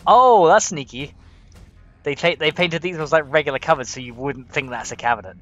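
A young man giving a let's play commentary, chatting as he plays with sudden excited exclamations. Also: fairly high pitch, a little fast, a little hiss or hum. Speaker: gaming video host. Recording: game sounds with insect buzz behind.

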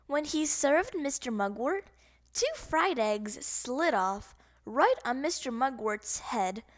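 A woman reading a children's storybook aloud, expressive and voicing sound effects. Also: high-pitched, takes it slowly. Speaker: audiobook reader.

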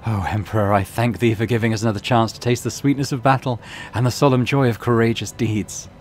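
A man's voice: mid-range voice, fairly even intonation, quick pace, natural voice. A man voicing a battle-hungry woman warrior nun in a video game, speaking fervently.

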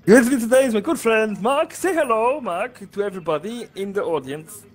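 A man's voice: high voice, lively intonation, drawn-out words, voice pushed up, full character voice. A man streamer putting on a hammy, over-the-top Italian man's voice to open a live gaming stream. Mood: cheery. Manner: hammy exaggerated accent, giggly. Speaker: streamer host.

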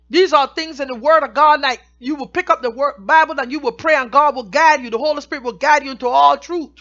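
A woman teaches scripture in a high, bright voice. She reads each verse slowly, then explains it in plain, everyday words. The recording sounds dull and lo-fi. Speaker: Bible teacher.

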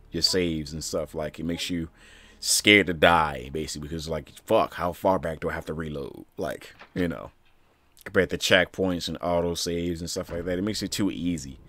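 A man's voice: deep voice, normal speed, fairly bright tone, soft background music. A man giving casual, profane commentary while playing a video game, grumbling and talking back to the game itself. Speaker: streamer.

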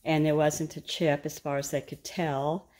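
A woman's voice: sits low, flat delivery, moderate pace, darkish tone. A middle-aged woman, chatting casually in her vlog as she cooks, rambling through stories with frequent laughter. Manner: chatty, rambling storyteller who laughs often. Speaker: vlogger. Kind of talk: casual chat while cooking.

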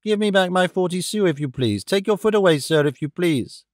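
A man's voice: high voice, expressive, a little fast, no room sound, clean studio sound, voice pushed up. A man voicing a small boy street musician of about ten, pleading and then growing insistent. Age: about ten (figure).

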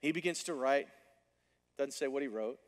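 A male pastor delivering a sermon, telling the story with animated delivery and acting out the dialogue. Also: medium pitch, normal speed, big-room sound.

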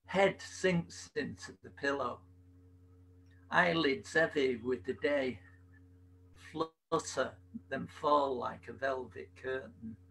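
Slow, gravelly man reading poetry. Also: medium pitch, a little hiss or hum, rough recording. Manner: slow, soft-spoken delivery with gravelly fry. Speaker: open mic performer. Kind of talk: poetry reading and sung parody over video call. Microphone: video call.

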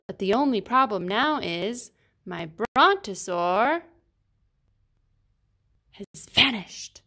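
A woman reading a children's picture book aloud in an expressive, sing-song storytelling manner. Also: fairly high pitch, takes it slowly, long pauses. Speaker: storybook reader.

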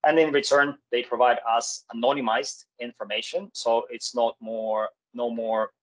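A man, an occupational hygienist, presenting a webinar in a halting way with many fillers and restarts. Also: medium pitch, flat delivery, poor audio.

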